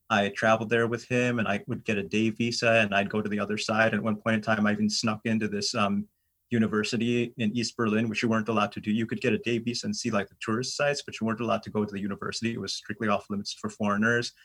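A man's voice: fairly low pitch, fast. A middle-aged American man telling travel stories in casual, rambling conversation, full of fillers and restarts. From United States. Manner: rambling, animated anecdotes with many fillers. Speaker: guest.

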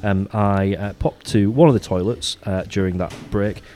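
A man's voice: lowish voice, fairly even intonation, moderate pace, warm tone, soft background music. A man hosting a casual podcast chat, easygoing and dry-humoured, often restarting his sentences. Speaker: podcast host.

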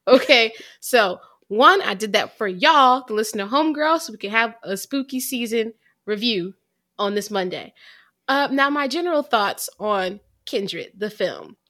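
A woman co-hosting a podcast, talking about a film in an animated, chatty, self-deprecating way. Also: fairly high pitch, measured pace. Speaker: podcast co-host. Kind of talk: casual podcast chat.

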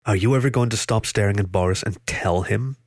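A man voicing a calm male otter who leads a mercenary team, speaking in a dry, even way, in a storybook reading. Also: on the low side, a little fast, dry recording.

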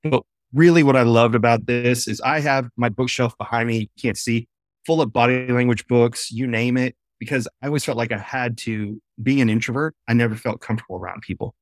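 Animated man explaining on a video call. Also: medium pitch, a little fast, no room sound, studio quality. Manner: animated storyteller, eager and explanatory. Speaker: podcast guest, face-reading trainer. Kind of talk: casual interview chat. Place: home office with a bookshelf.

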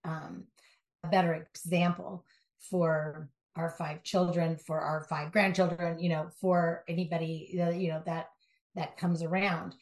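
A middle-aged woman from Southern California, a life coach speaking as an interview guest, emphatic and animated, with quick asides. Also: lowish voice, echoey room. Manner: animated, emphatic storytelling with asides and mock voices. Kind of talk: conversational interview.

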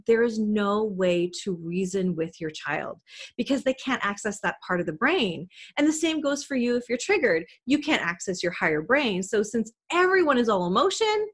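A woman's voice: medium pitch, husky. A woman giving a parenting talk to camera, earnest and coaching, often asking the listener questions. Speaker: parenting educator.

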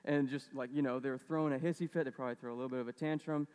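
A man's voice: mid-range voice, steady tone, racing, a little mellow, clean tone, big-room sound. A man preaching a casual sermon, conversational and storytelling, with lots of fillers. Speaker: pastor.

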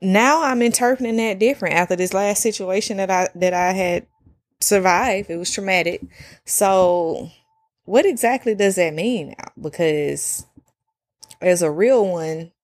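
A woman, hosting a casual solo podcast and talking in an animated, slangy way with free swearing. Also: medium pitch, unhurried, pauses often, no echo, clean studio sound. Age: 30s. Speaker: podcast host.

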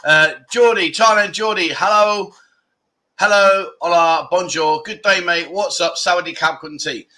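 Bright-voiced chatty male streamer. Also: sits high, a little slow. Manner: chatty, laughs often, banters with viewers. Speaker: livestream host. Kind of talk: casual livestream chat.

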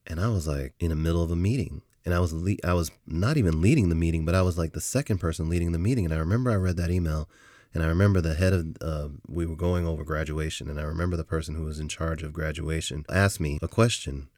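A middle-aged man with a very deep, low voice tells a personal story. He speaks with animated emphasis that builds as he goes, in a dry, close recording with no room sound. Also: quick pace, dry recording. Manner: animated, emphatic retelling with rising intensity. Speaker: podcast host.

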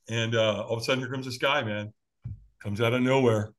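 A man's voice: mid-range voice, a little fast. A man from the United States, a firewalk instructor and podcast guest, telling a story animatedly and acting out other people's voices with frequent chuckles. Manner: animated, acts out quoted voices, chuckles often. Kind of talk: storytelling in a conversation.

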